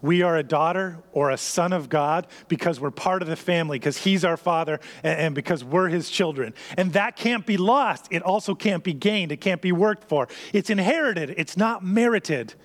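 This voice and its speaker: A man with a notably high voice preaches a sermon in the manner of a pastor. He leans on key phrases and repeats them for emphasis. At times his voice drops low and hushed, close to a whisper. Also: expressive, normal speed, few pauses.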